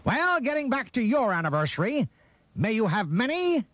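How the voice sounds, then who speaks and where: A middle-aged man giving a comic anniversary greeting in clipped, deadpan punchlines. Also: extremely high pitch, moderate pace, no echo. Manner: clipped deadpan punchlines, repeated catchphrase setups. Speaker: comedian.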